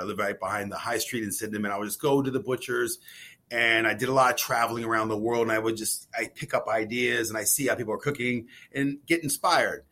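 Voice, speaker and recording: A man being interviewed about his cookbook, telling stories in a rambling, excitable way with many restarts, and he sounds jet-lagged. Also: on the low side. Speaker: cookbook author guest. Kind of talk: casual podcast interview.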